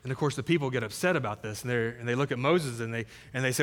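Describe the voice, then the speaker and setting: A man's voice: medium pitch, fast, fairly bright tone. A man preaching a sermon as pastor, earnest, often repeating words as he builds his point.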